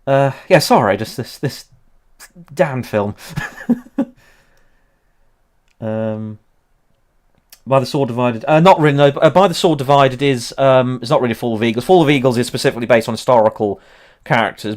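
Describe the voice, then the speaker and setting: With a medium-pitched, slightly mellow voice and a brisk pace, this history channel host in his 30s rambles through a laid-back livestream, filling it with ums and frequent laughter.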